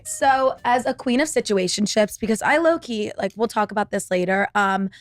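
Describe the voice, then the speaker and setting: A woman in her twenties hosts a solo podcast on a laptop setup, her mid-range voice expressive and at normal speed, with faint music behind her. She rambles casually, swearing and leaning constantly on "like" and other fillers.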